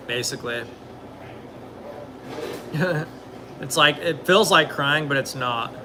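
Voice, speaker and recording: A young man with a mid-range voice chats over a noisy background. He rambles in an easygoing way, using plenty of fillers and now and then responding to viewers' questions.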